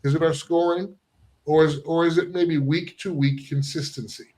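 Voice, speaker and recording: A man's voice: on the high side, steady tone, normal speed, darkish tone. A man hosting a casual sports talk show, quoting statistics and putting questions to his co-host. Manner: asks questions, cites stats from notes.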